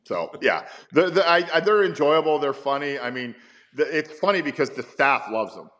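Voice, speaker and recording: A man's voice: on the high side, expressive, normal speed, fairly bright tone. A man in his fifties, a baseball manager, telling stories in a casual interview with rambling, stammering restarts and chuckles.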